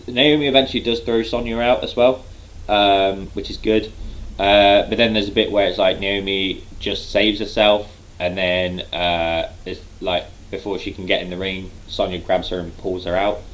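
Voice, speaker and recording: Rambling low-voiced man recapping wrestling. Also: steady tone, measured pace, a bit bright, poor audio. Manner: rambling, heavy use of um and like. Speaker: wrestling reaction vlogger.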